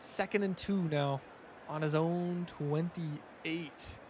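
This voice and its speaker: A young man giving casual play-by-play commentary on a video game match, excitable on big plays and chatting with his stream viewers. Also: a little high, slow, a little hiss or hum. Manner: excitable, rising loud on big plays, chatty asides to chat.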